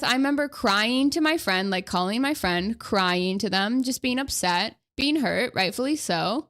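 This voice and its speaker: A woman's voice: fairly high pitch, expressive, measured pace, hardly any pauses, a bit bright. A woman in her twenties telling a personal story to her stream in a casual, rambling way, full of fillers and restarts. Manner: chatty and conversational.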